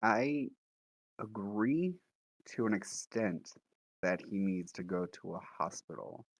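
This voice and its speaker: A man's voice: fairly low pitch, expressive, slow, no room sound. A man playing a tabletop role-playing game, talking in a playful, chatty way. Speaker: player. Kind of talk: tabletop role-play chat.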